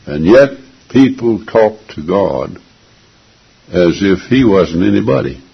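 A man's voice: sits low, animated, slow, dull audio. A man preaching a sermon in an earnest, emphatic way, repeating phrases to drive them home. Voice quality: gravelly, raspy.

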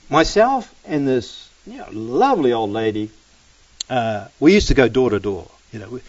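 A man's voice: fairly high pitch, a little mellow. A man preaching a sermon, telling stories casually and often dropping "man" and "you know.". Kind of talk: sermon with storytelling. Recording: dull, distant recording.

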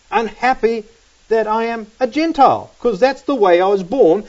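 This sermon comes from a man whose voice sits high with a little mellowness, and he weaves in casual stories peppered with "man" and "you know." The audio is muffled and far off.

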